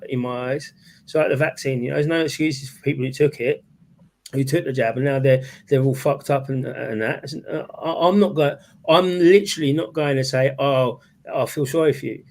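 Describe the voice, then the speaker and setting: A man's voice: mid-range voice, creaky, a little mellow. A man on a panel discussion talking bluntly and indignantly in casual chat. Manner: indignant, blunt, with frequent agreeing interjections. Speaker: panel guest.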